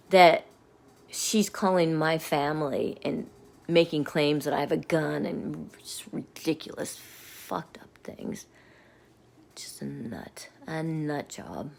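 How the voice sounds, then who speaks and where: A middle-aged woman rants to her viewers in a low, gravelly voice. She is angry and rambling, and she keeps sinking into muttered whispers. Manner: rambling and agitated, often dropping to a muttered whisper. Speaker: vlogger. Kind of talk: angry personal rant to viewers.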